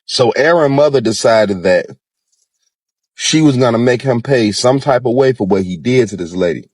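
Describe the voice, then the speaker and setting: A man's voice: mid-range voice, lively intonation, normal speed, darkish tone. A man casually telling a story in a rambling way, full of fillers. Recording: roomy echo.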